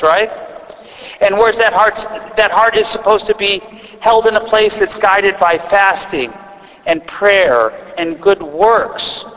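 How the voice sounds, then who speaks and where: Upper Midwest priest preaching in a reverberant church. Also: male voice, sits high, fairly bright tone. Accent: Upper Midwest American. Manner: conversational, pausing with restarts and asides. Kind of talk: sermon.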